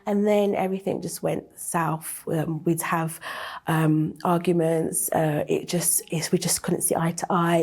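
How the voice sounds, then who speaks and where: A woman's voice: lowish voice, warm tone, husky. A woman in her twenties telling her own story on a talk show, earnest and emotional. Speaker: guest sharing testimony. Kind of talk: personal testimony on a talk show.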